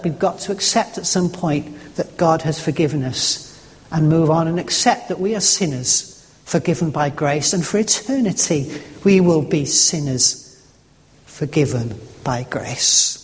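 Earnest preacher in an echoing hall. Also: male voice, fairly high pitch. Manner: earnest, halting, with frequent restarts. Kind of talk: sermon storytelling. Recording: echoey hall.

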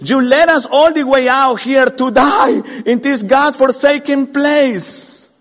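A man acting out a panicked, complaining crowd of wanderers, shouting high and accusing. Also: slow pace, heavily acted. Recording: long hall reverb.

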